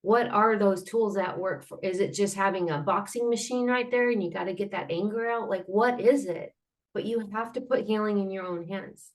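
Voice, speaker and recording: A woman's voice: medium pitch, moderate pace. A woman talks as an interview guest in an earnest, rambling way. She restarts her sentences often and fills gaps with fillers. She breaks into acted-out noises and fake laughter to make her points. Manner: animated, acts out sounds and laughter. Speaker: guest, mental health advocate. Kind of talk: casual interview talk.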